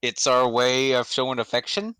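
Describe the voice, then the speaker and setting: A man's voice: mid-range voice, lively intonation, normal speed, bright, forceful tone, clean tone, dry recording. A man chatting casually with friends while they voice a game, joking, swearing and laughing a lot. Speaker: streamer voicing a game.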